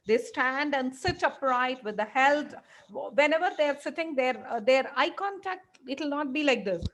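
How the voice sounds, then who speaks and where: High-voiced woman giving a lecture. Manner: explanatory, many fillers, acts out examples. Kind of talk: classroom lecture.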